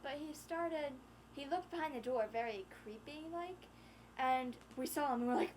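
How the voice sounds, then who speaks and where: A teenage girl with a high voice chats with her friend on camera. She jumps into the story with quick asides, and faint room ambience sits underneath. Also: darkish tone, slight background noise. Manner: chatty, chimes in with quick asides. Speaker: vlogger. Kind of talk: casual storytelling chat.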